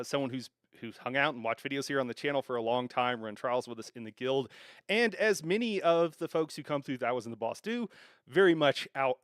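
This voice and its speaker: A man's voice: medium pitch, fairly bright tone, clear, resonant tone, no room sound, studio quality. A man hosting a live gaming stream, chatting casually, laughing often and restarting phrases. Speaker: stream host.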